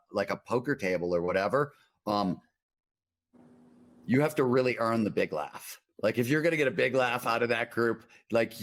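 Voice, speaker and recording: A man's voice: medium pitch, fairly bright tone. Man musing in a rambling, restarting way. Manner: rambling with many restarts and "like" fillers. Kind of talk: reflective casual conversation.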